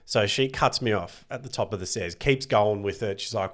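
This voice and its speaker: A man's voice: fairly low pitch, normal speed. An Australian man, a comedian guest, telling stories in a casual podcast chat, swearing freely and putting on voices. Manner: animated storyteller, swears freely.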